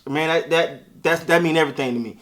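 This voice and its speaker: A man, giving a casual sports opinion monologue in an animated, repetitive and colloquial way. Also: fairly high pitch, brisk. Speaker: sports commentator.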